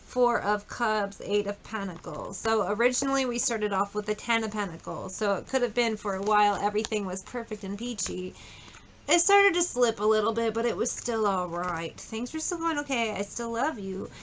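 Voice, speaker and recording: A woman's voice: medium pitch, lively intonation, moderate pace, slight background noise. A woman giving a casual tarot reading, chatty and blunt, swearing freely as she tells a story. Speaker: tarot reader.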